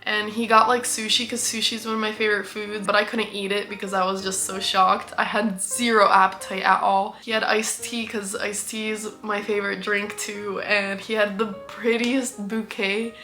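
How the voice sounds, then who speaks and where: Young woman yapping through a storytime, says like a lot, bright voice, soft music behind. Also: medium pitch, little pitch movement, normal speed, hardly any pauses. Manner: chatty, says "like" a lot, quoting herself. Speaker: vlogger. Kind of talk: casual storytime.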